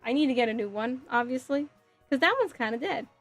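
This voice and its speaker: A woman with a slightly high voice chats casually on a live stream from home, giggling often and thinking out loud as she reads comments. Faint music plays quietly behind her. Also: fairly quick. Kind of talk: casual live-stream chat, reading chat aloud.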